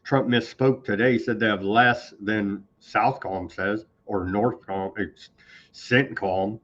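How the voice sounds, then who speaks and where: A man's voice: fairly low pitch, fairly even intonation, takes it slowly, fairly bright tone. A man hosting a live news show, reading posts aloud and commenting with sarcasm and indignation. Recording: slightly dull lo-fi sound.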